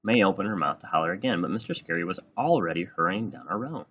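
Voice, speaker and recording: A man with a low, husky voice reads a children's storybook aloud, swooping lively through every line. His tone is bright and forward. The recording sounds dull and lo-fi. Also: quick pace. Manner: animated, plays out every line. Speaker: reader. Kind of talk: children's book read-aloud.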